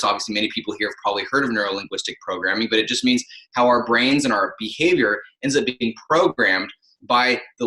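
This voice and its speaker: A man's voice: lowish voice, bright, forceful tone, roomy sound, low-quality recording. A man who narrates audiobooks, talking in a podcast interview and acting out example phrasings as he explains.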